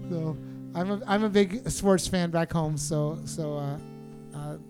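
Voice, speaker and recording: An American man answering interview questions in a relaxed, joking way, with many restarts and faint guitar music behind. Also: a little high, a little slow. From United States. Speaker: interview guest, performer. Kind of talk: casual conversational interview.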